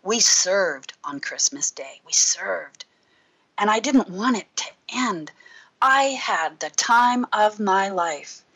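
A middle-aged woman minister recounts a personal faith story as a guest in conversation. Her voice sits at an everyday pitch for a woman. She tells it with lively, expressive storytelling. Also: slow pace, breathy edge, low-quality recording. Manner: lively storyteller who acts out her own past thoughts. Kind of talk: personal testimony in a casual interview.

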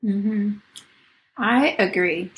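A woman's voice: mid-range voice, drawn-out words. Woman hosting a podcast. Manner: warm, sympathetic, encouraging reactions. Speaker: podcast host. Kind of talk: casual interview chat.

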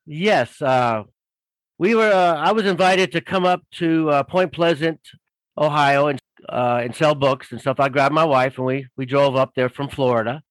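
A man's voice: fairly high pitch, moderate pace, no echo, poor audio. A man telling a story casually as a guest author, rambling with many fillers and doing voices for the people in it.

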